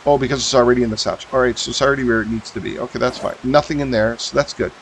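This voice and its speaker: A man's voice: medium pitch, steady tone, racing, vocal fry, slight background noise, low-quality recording. Man mumbling through gameplay commentary. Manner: thinks aloud, mumbling fillers while sorting items. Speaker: streamer.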